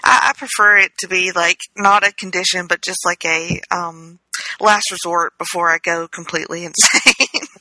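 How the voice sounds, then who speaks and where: A woman's voice: lowish voice, steady tone, normal speed, pushed and bright, no echo, low-quality recording. A woman co-hosting a podcast in casual chat, joking, using slang and laughing often. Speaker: podcast co-host.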